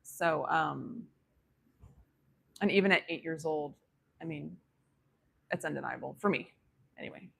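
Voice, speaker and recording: A woman's voice: low voice, measured pace, gravelly, long pauses, husky. A woman telling a personal story in a casual, rambling way, full of fillers and restarts, reflective and spiritual in tone. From grew up on a ranch.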